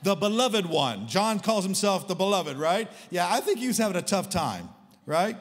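A man delivers a sermon in a high, lively voice that swoops all over his range. He talks to the congregation like friends, joking and throwing in sarcastic asides. A long reverb from the big church hall trails behind every line. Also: normal speed. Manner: animated, conversational and humorous, with sarcastic asides. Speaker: guest preacher.

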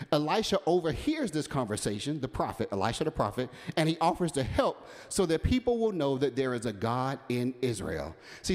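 Animated preacher man. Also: fairly high pitch. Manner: call-and-response preaching, building emphasis. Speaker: minister. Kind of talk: sermon. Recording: reverberant church hall.

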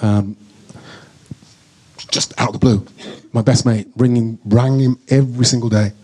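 A man telling a candid, emotional story as a guest at a live on-stage Q&A, full of halting restarts. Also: mid-range voice, fairly even intonation, warm tone. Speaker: guest actor. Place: stage in front of an audience.

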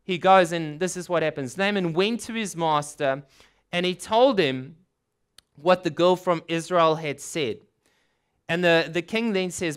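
A man's voice: a little high, normal speed, a bit bright, clear, resonant tone. A man preaching a sermon, retelling a Bible story in casual words and acting out what the figures say. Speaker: pastor.

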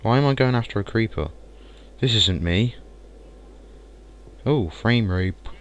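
Low, slow-talking gamer man. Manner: excitable, swears and mutters at the game. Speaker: gaming channel host. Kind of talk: let's play commentary.

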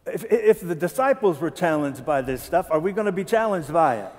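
A man's voice: on the high side, sing-song, a little fast, darkish tone, long reverb tail. A male pastor preaching a sermon in a conversational way, often putting questions to the congregation. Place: church sanctuary.

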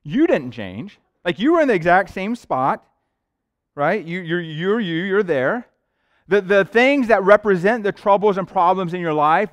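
This male pastor's voice is high-pitched and sing-song, at normal speed, on a dry recording. Preaching in a church sanctuary, he's earnest and conversational, often turning to the congregation with asides of "right?"

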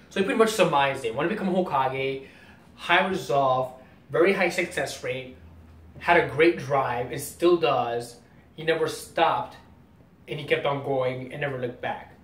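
A man's voice: normal speed, a bit bright. A man hosting a casual comic reaction video, rambling and explaining as he goes. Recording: roomy distant mic, faint rumble.

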